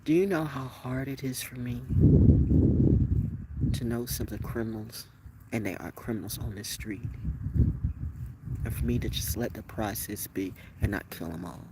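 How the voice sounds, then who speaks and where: A woman vlogger telling a story in an unscripted, profanity-laden rant, swinging between loud outbursts and hushed, low talk. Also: moderate pace, pauses often, very noisy.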